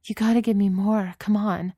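A woman's voice: medium pitch, fairly even intonation, moderate pace, mellow, no echo, studio quality, pitched above the performer's own voice, close to an everyday voice. A woman voicing a desperate young woman lover, breathless and pleading in a raised voice.

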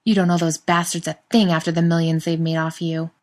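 A woman's voice: sits low, level tone, fairly quick, natural voice. A woman voicing an angry, blunt male friend who curses and cuts others off in a read-aloud story. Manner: harsh, cursing, cutting others off.

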